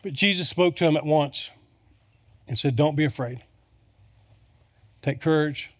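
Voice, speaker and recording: Male pastor, drawl, slightly high voice, emphatic storytelling sermon. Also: measured pace. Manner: storytelling with humor, emphatic repetition.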